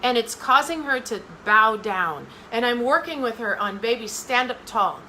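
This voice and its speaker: High, bright-voiced motivational woman. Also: animated, normal speed, a little hiss or hum, low-quality recording. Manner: emphatic, repeats phrases for effect; talks straight to viewers. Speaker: motivational speaker. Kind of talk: motivational livestream talk.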